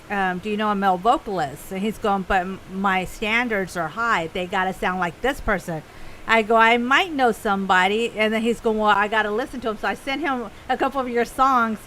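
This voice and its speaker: Woman co-host, eager radio chat, mid pitch, faint noise behind. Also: fairly bright tone, low-quality recording. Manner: eager, retells conversations with quoted voices.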